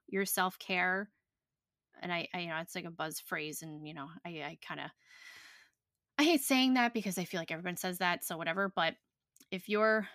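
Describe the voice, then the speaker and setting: A woman's voice: fairly low pitch, bright, forceful tone, clear, resonant tone, no echo. A young adult woman hosting a podcast in casual chat, blunt and profane with lots of fillers, talking on a close podcast mic. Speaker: podcast host.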